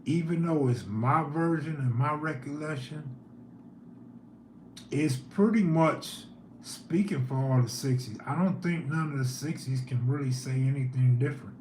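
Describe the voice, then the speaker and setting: A man's voice: a little high, unhurried, a little mellow, roomy sound, a little hiss or hum. A man hosting a live stream, telling neighborhood stories in a laid-back way and reading chat aloud.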